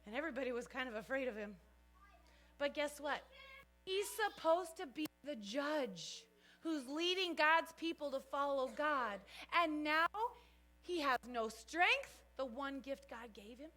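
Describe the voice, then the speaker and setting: A woman teaching a children's church Bible lesson in an animated way, often asking the kids questions. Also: high-pitched, a little slow.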